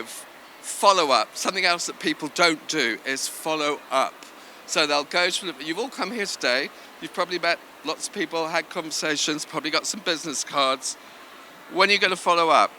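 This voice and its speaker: A man's voice: a little high, sharp tone, a little hiss or hum. A man speaking at a business conference, chatty and self-deprecating, telling anecdotes to the audience. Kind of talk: live conference talk. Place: event venue.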